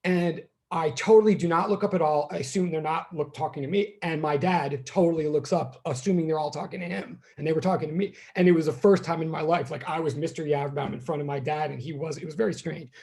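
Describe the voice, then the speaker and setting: A man's voice: a little high, fairly even intonation, fast talker, hardly any pauses, a little mellow, husky. A man in his fifties, a physics teacher, chatting casually and rambling with his class as students join. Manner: rambling, chatty, self-deprecating.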